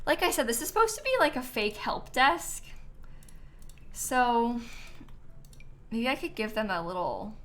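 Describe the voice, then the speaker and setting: A woman's voice: fairly high pitch, very animated, unhurried, pauses often, a bit bright. A young woman streaming a game, thinking aloud in casual chat, hesitant and full of ums.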